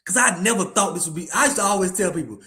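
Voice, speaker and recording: A man's voice: high voice, fast, bright, forceful tone. A man hosting a casual sports podcast, ranting in slangy talk and repeating himself. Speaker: podcast host.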